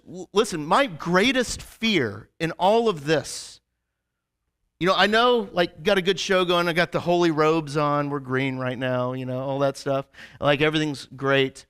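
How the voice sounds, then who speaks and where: A male pastor giving a sermon in a casual, animated storytelling way, with lots of fillers and restarts. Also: fairly high pitch, clean tone.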